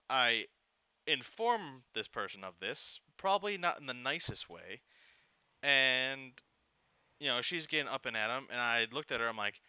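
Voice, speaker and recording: A man's voice: mid-range voice, clean tone, no room sound, highs cut off. A young man rambling through an annoyed personal story in casual chat, with lots of fillers. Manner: rambling, animated, exasperated retelling with many fillers. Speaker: gaming channel host telling a personal story.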